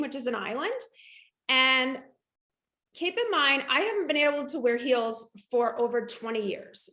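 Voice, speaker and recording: A middle-aged woman guest telling a personal story in an interview, animated and lively, with frequent restarts. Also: high voice, roomy sound. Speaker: guest entrepreneur.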